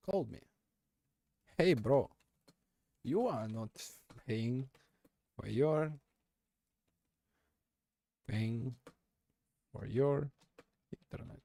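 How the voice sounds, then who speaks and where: A man's voice: mid-range voice, very slow, gravelly, pauses often, dark tone, dry recording. A man telling a story casually on a live stream, rambling and correcting himself as he goes, often laughing at himself.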